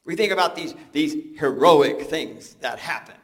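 Older man, pastor giving a sermon; a touch high-pitched, conversational with humor. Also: animated, unhurried. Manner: conversational and joking, restarts words often.

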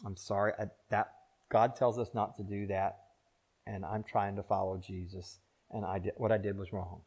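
An older man preaches from the pulpit in a lowish voice. He swings between loud, emphatic declarations and quiet, pleading asides, stretching words out with long pauses. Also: flat delivery, slightly rough. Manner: preaching with swings from loud emphatic peaks to soft low pleas, slow drawn-out pauses. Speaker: pastor. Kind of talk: sermon.

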